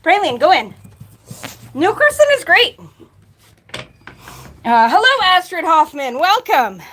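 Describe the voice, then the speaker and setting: High, lively woman chatting to goats. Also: takes it slowly, slight background noise. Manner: chatty, coaxing, talks to animals in a sing-song voice. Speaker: farm vlogger. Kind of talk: casual talk to farm animals. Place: outdoors on a farm. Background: goats bleating.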